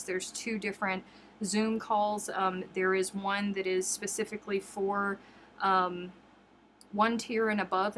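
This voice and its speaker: A woman's voice: medium pitch, fairly bright tone, slight background noise. A woman chatting casually as she hosts a crochet livestream, talking to her viewers in a loose, rambling way, often doubling back on her words and breaking into laughter. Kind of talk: casual live-stream chat.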